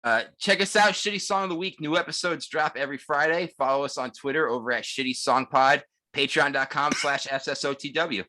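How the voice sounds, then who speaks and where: A man's voice: on the high side, a little fast, hardly any pauses, bright, forceful tone. A man guesting on a comedy podcast, talking casually with a few fillers.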